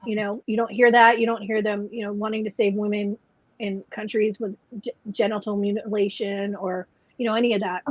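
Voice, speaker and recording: A woman's voice: medium pitch, level tone, fairly quick, dry recording. A woman co-hosting a casual chat podcast, rambling with lots of "like" and "you know" fillers. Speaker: podcast co-host. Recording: dull lo-fi podcast audio.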